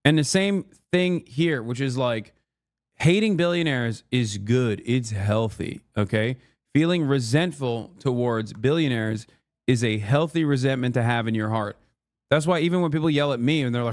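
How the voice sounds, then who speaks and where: A man's voice: medium pitch, normal speed. A male streamer reacting live, his mid-range voice heated and emphatic. He swears freely and repeats his points with rhetorical questions. The sound is dry and close, with no room echo.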